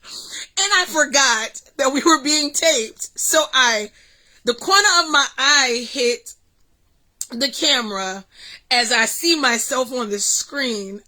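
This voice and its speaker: A middle-aged woman, excitedly telling a story to her vlog audience with lots of fillers. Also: high voice, takes it slowly, poor audio. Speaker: vlog host.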